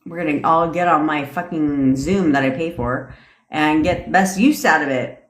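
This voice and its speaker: A woman's voice: low voice, normal speed. A woman coaching manifestation in a casual livestream chat, brash and profane, laughing often. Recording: echoey room.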